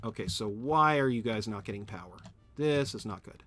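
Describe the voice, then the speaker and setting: A man's voice: lowish voice, lively intonation, moderate pace, a bit bright. A man thinking aloud while streaming a game at home, answering chat and often correcting himself. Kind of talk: live gameplay commentary, answering chat.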